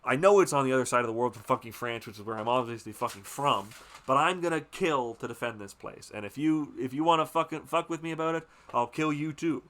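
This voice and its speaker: A man voicing a furious, proud plantation patriarch in the middle of a shouting, defiant rant. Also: mid-range voice, fast, lightly acted.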